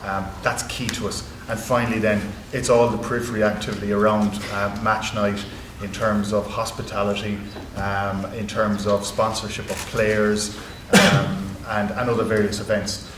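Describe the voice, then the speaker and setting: Low, level-voiced Irish man on a panel. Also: flat delivery, normal speed, hardly any pauses. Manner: earnest, with many fillers and restarts. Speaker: rugby club executive on a panel. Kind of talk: conference panel answer. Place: university conference hall. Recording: echoey hall with background noise.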